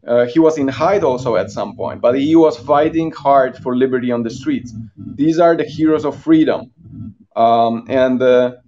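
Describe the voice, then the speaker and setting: A man's voice: on the high side, dark tone, muffled recording. A man speaking as an as a guest in a live online interview, earnest and emphatic, with frequent restarts and fillers. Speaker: interview guest, organization president.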